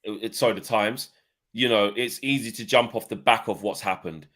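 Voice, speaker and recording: Lowish-voiced man chatting football. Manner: rambling, animated, quick to laugh. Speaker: football podcast co-host. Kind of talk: casual football chat.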